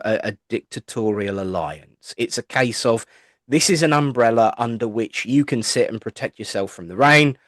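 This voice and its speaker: A chatty English man spinning long, rambling anecdotes in an interview, throwing in playful asides. His pitch sits in the middle range, and the recording is dry and close with no room sound. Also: dry recording. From England. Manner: acts out voices when quoting people. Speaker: guest, spiritualist minister and medium. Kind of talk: interview, storytelling.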